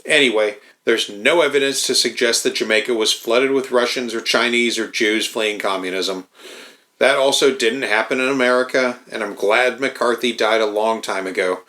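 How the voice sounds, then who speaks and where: Podcast host, man, mid pitch, bright forceful tone, dry sardonic and profane delivery. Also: moderate pace. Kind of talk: sardonic commentary.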